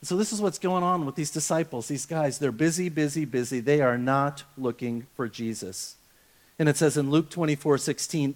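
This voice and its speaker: A male pastor giving a sermon in a relaxed storytelling way, often acting out the voices of the people he quotes. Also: a little high, moderate pace.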